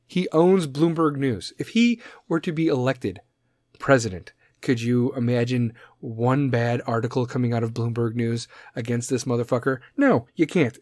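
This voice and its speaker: A man with a Chicago accent, ranting loudly about politics on a podcast, profane and rambling, slipping into mocking voices. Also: medium pitch, dry recording, studio quality. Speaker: podcast host.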